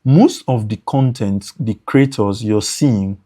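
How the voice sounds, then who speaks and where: A man's voice: lowish voice, takes it slowly, warm tone. A man teaching motion design for editors in a screen-recorded tutorial, repeating points and thinking aloud as he works.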